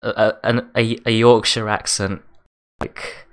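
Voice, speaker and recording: A man's voice: fairly low pitch, level tone, a little slow, a bit bright, slight background noise. A young English man hosting a casual podcast, stammering now and then and laughing easily. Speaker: podcast host. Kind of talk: casual chat.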